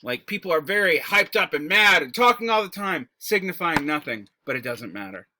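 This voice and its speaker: A man teaching a recorded high school English lesson. He explains terms casually and breaks words into their parts. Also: very animated, a little fast, pushed and bright, a little hiss or hum. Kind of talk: recorded classroom lecture.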